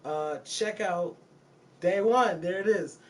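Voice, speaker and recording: A man's voice: sits high, slow. A man with a Detroit accent, a music producer talking casually and profanely to his livestream viewers from a recording studio, laughing between remarks. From Detroit, USA. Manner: loose, profane, frequent laughing asides.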